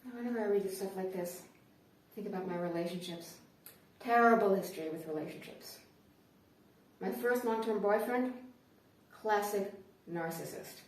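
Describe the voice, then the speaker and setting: A woman's voice: medium pitch, moderate pace, pauses often. Sarcastic woman comedian, echoey and distant. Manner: sarcastic, swings from hushed asides to loud outbursts. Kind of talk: stand-up comedy monologue.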